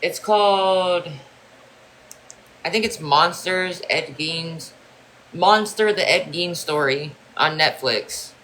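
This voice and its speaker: Streamer, loose profane chatter, bright tone, faint hiss. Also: mid-range voice, slow pace. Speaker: livestream host. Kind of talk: casual chat with viewers.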